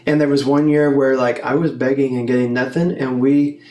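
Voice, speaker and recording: A man's voice: mid-range voice, level tone, brisk, a little mellow, roomy sound, low-quality recording. A man who works on church staff, rambling through a casual podcast chat, correcting himself and chuckling often. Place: church studio room.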